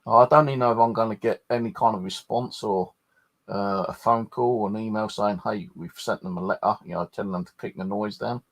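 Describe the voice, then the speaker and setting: Gravelly man, rambling and sweary. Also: fairly low pitch, fairly quick. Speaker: paranormal channel host. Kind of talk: casual late-night chat.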